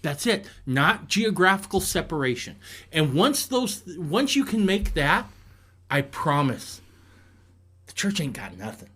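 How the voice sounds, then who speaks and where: A man hosting a podcast in casual conversation, agreeing and adding his own quick remarks. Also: a little high, big pitch swings, sharp tone, husky. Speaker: podcast host.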